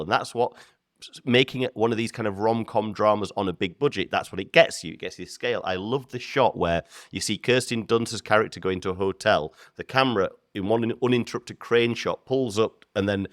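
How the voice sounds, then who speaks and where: A man with a slightly low voice co-hosts a casual film discussion. He gets animated about camera work and budgets, often restarting his sentences mid-thought. The sound is dry and close. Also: a little fast, dry recording. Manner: animated, stumbling restarts, nerdy filmmaker asides. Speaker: film podcast co-host.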